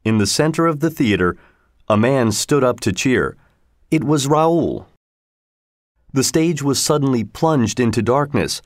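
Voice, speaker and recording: A man's voice: medium pitch, no room sound. Man narrating a storybook, dry sound. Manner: steady, measured reading.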